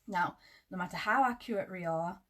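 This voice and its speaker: Husky-voiced woman teaching quilting. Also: fairly low pitch, normal speed, fairly bright tone. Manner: chatty, wanders into friendly asides; talks through measurements step by step. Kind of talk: live quilting tutorial.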